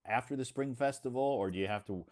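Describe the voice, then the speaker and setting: An American man hosting a casual chat, talking in a friendly, slow way and repeating things back to make them clear. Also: medium pitch. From United States. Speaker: host.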